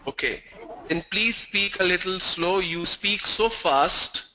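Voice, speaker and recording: Bright-voiced man teaching a video-call class. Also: high voice, slow pace, a faint crowd, poor audio. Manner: asks the class questions, teasing and joking. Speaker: online English trainer. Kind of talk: online class lecture. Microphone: video call mic.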